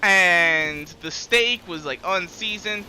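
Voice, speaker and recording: A man's voice: high-pitched, slow, pushed and bright, a little hiss or hum. A young man live-streaming a game, chatting casually in a rambling, profane way and chuckling often.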